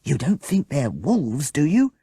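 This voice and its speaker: A man's voice: on the high side, measured pace, a little mellow, dry recording, pitched above the performer's own voice. A man voicing a gloomy, dramatic young schoolgirl who speaks solemnly of disaster. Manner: solemn and doom-laden.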